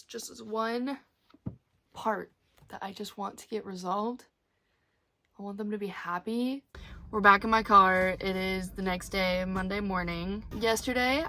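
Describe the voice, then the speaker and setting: A woman's voice: medium pitch, steady tone, measured pace, bright, forceful tone, a little hiss or hum. A young woman chatting casually about books for her reading vlog, rambling and emotional, recorded in her car. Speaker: book vlogger.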